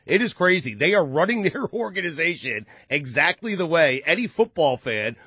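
A man's voice: fairly high pitch, big pitch swings, normal speed, pushed and bright, slightly rough, no echo, studio quality. A man hosting a casual sports talk show, leading the discussion and laughing often. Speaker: sports radio host.

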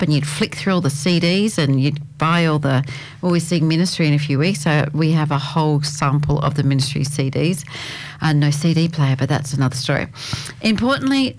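A woman co-hosting a radio show, reading scripted narration in a measured way. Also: lowish voice, poor audio. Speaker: radio co-host.

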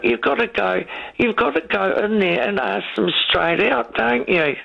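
A woman's voice: mid-range voice, measured pace, vocal fry, breathy edge, highs cut off. A woman calling in to a radio show and chatting emphatically with the host over the phone. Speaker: caller. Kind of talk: phone-in chat.

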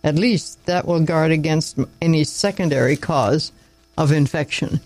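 A man reading the lines of a weary, contemptuous young country doctor who speaks in sharp, clipped phrases. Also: fairly high pitch, moderate pace, faint music behind, lightly acted.

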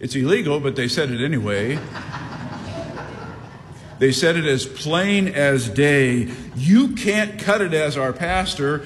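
A pastor in his sixties preaching a sermon, emphatic, slowing down to draw out repeated refrains. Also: medium pitch. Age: 60s. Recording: long hall reverb with faint noise.

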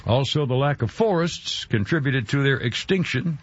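A man hosting talk radio, rambling and halting, with lots of fillers and restarts. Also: mid-range voice, expressive, breathy edge. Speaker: radio show host. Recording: dull lo-fi radio sound.

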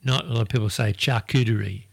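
Chatty radio host, lively pitch. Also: male voice. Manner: chatty, laughs often, sounds words out slowly. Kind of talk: casual radio banter.

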